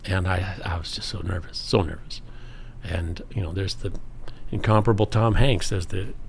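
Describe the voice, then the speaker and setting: A man's voice: sits low, fairly even intonation, normal speed, creaky, slight background noise. A middle-aged man, a podcast guest, telling self-deprecating stories and acting out the voices of people in them. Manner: self-deprecating storyteller, acts out other voices. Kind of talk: telling anecdotes.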